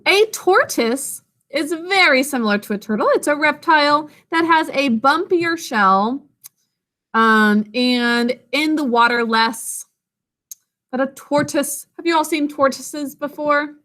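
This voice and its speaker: A woman's voice: high-pitched, animated, measured pace, a bit bright. A woman teaching a reading and spelling lesson over a video call, sounding out words syllable by syllable and encouraging her pupils.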